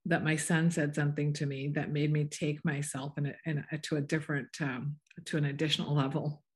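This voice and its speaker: A woman in a heartfelt podcast conversation, sharing spiritual reflections and gently coaching the listener. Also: deep voice.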